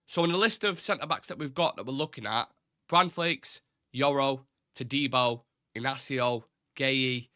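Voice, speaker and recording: A man's voice: medium pitch, normal speed, bright, forceful tone, no echo, clean studio sound. A man hosting a football fan live stream, talking casually and at length, rambling with strong opinions and the odd swear word. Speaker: host of a football fan show.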